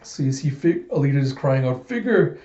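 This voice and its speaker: Man, casual enthusiastic story recap, mellow dark voice, echoey room. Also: mid-range voice, fairly even intonation, a little fast. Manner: enthusiastic, rambling retelling. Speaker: comic readthrough host. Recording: roomy, dull lo-fi sound.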